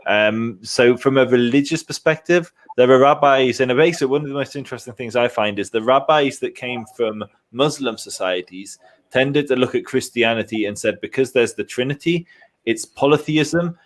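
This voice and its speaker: A man speaking as a guest on a panel, explaining his views in a measured, thoughtful way. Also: mid-range voice. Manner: measured, thoughtful, with fillers and restarts. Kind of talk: conversational explanation.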